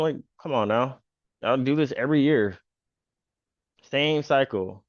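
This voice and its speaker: A man's voice: mid-range voice, a little fast, no room sound, dull audio. Laid-back man talking through charts. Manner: loose, filler-heavy talk with "pretty much" and "bro". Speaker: stock trader and channel host. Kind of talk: casual chart walkthrough.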